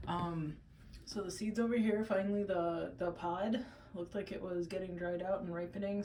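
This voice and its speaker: A worn-out woman in a casual home vlog, her voice sitting a little low as she rambles gently with plenty of ums. A faint background hiss sits under the recording. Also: rough recording. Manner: soft, meandering, many fillers. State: tired, out of breath. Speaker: vlogger. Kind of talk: casual plant-care vlog. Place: home among houseplants, indoors.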